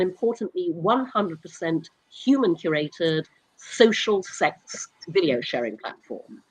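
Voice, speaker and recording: A woman's voice: lively intonation, a little slow, no echo, rough recording. A woman with a flu-stuffed voice, a company founder speaking articulately as a guest on a video call. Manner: articulate, polished pitch. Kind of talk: interview.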